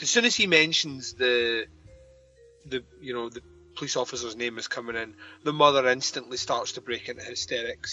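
Podcast co-host, very bright and forceful tone, dull lo-fi recording. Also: male voice, mid-range voice. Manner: earnest, repeats himself. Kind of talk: casual chat about a TV episode.

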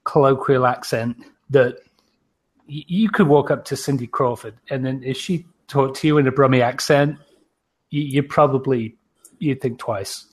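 A man's voice: medium pitch, normal speed, breathy edge. A man co-hosting a podcast in casual chat, joking and laughing often. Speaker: podcast co-host.

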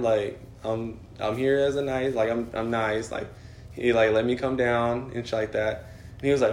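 A man's voice: mid-range voice, fairly even intonation, a little fast, echoey room, slight background noise. A young man telling a story in casual chat, rambling with lots of fillers and swearing. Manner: rambling, swears a lot, many "like" fillers, laughs while telling.

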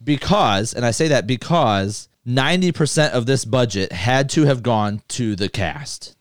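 A man hosting a casual movie podcast, talking loosely with swearing and rattling through a list fast. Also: mid-range voice, animated, no room sound, studio quality. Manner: loose, profane, reads lists quickly. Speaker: podcast host.

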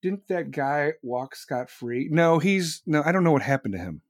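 A young man with a high voice rants sarcastically at his stream chat, swearing at nearly every turn. His sound is dry and close, with no room echo at all. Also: expressive, normal speed. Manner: crude, sarcastic, swears constantly, laughs at own jokes. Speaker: livestream host reading chat. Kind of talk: profane rant reacting to chat.

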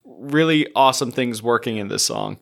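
A man's voice: mid-range voice, normal speed, creaky, a bit bright. A man from Canada co-hosting a podcast in casual chat, talking loosely with lots of fillers. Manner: chatty, frequent "like" fillers. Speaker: podcast co-host.

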